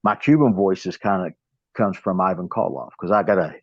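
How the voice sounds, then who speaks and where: In a casual interview, a pro wrestler in his fifties, from the American South and speaking with a Southern US accent, tells stories in a brisk, deep voice, rambling and restarting often. The audio is dry, dull, and lo-fi, with no room sound.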